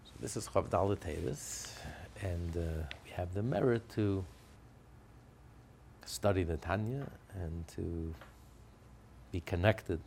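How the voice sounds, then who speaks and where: A man's voice: deep voice, takes it slowly, gravelly, pauses often, a little hiss or hum. A man teaching a religious lesson through a story, narrating with energy and acting out what the characters say. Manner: animated, acts out the characters' lines.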